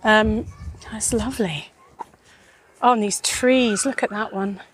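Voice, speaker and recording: A woman's voice: medium pitch, takes it slowly, a little hiss or hum. A woman co-hosting a podcast, chatting casually and joking as she points out sights from a car. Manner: chatty, jokey, exclaiming at sights. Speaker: podcast co-host. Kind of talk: casual chat on a drive.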